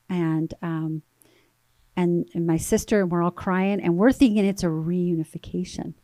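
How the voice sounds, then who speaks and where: A woman in her thirties, a guest telling an emotional personal story in an earnest, halting way with repeated words. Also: fairly low pitch, steady tone, warm tone, no room sound.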